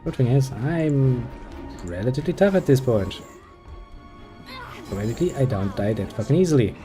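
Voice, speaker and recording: Gameplay commentator: sarcastic, foul-mouthed man, mid-pitched, mellow tone. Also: expressive, normal speed, faint music behind. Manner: sarcastic, muttering, heavy swearing.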